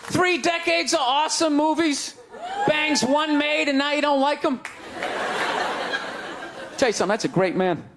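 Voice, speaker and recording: A male stand-up comic rants at a crowd, his voice pitched very high as he fires off incredulous questions. He often shouts his punchlines. Crowd laughter and steady room noise fill the live recording. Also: moderate pace, pauses often. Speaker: stand-up comedian. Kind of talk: stand-up routine.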